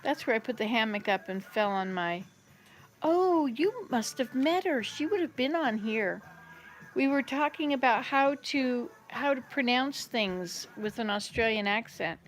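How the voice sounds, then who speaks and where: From her home kitchen, a chatty woman runs a casual live stream, drifting from topic to topic and responding to viewer comments as they arrive. Her voice is slightly high, with lively intonation and an unhurried pace. Faint music can be heard in the background.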